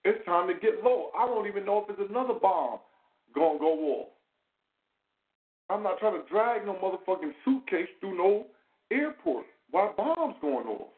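A man talks. His voice sits a bit high for a man and comes through a tinny, phone-like line. He sounds like he is in an echoey room, and he talks animated and profane, firing off rhetorical questions. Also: normal speed. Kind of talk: casual commentary chat.

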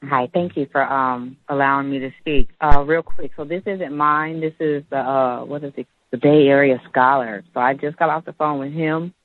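A woman's voice: extremely low pitch, fairly even intonation. Woman calling in over a tinny phone line. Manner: chatty, halting storytelling with many fillers. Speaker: caller. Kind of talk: call-in story.

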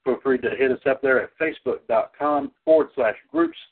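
A man's voice: mid-range voice, brisk, husky. Rambling man on a tinny phone line. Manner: rambling, repeats "ladies and gentlemen", frequent restarts. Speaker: podcast host. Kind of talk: wrestling call-in show hosting.

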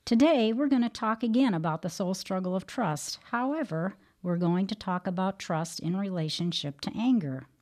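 A woman hosting a Christian teaching program, reading an earnest devotional talk and telling a story in a measured way. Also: mid-range voice, expressive, a little mellow.

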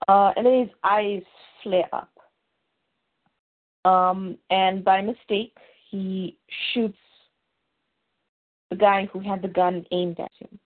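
A woman's voice: medium pitch, steady tone, slow, pauses often. Woman recapping a show over a tinny line. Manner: rambling, full of fillers and restarts. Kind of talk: casual recap of a TV episode. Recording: tinny phone-like sound.

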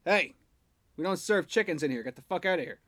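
A man voicing an angry, gruff male barman in a joke, loud and sweary, recorded in a garage. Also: high voice, lively intonation, brisk, dry recording. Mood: irate.

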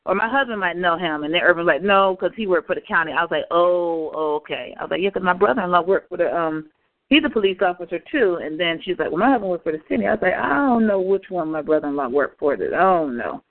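A woman co-hosting a casual chat, telling animated workplace stories and acting out what people said. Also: lowish voice, quick pace, no room sound. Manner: animated storyteller, acts out quotes. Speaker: podcast co-host. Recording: tinny phone-line audio.

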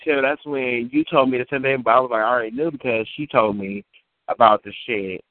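This caller on a community call has a medium-pitched voice and a brisk delivery. He tells a long, meandering story full of crude slang, repeating himself along the way, and the audio is dry and tinny like a phone line.

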